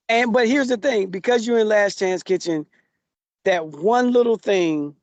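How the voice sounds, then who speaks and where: A man's voice: high-pitched, expressive, moderate pace, creaky, no room sound. A male chef as a podcast guest, chatting casually and giving opinions with a laugh. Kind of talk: casual recap chat.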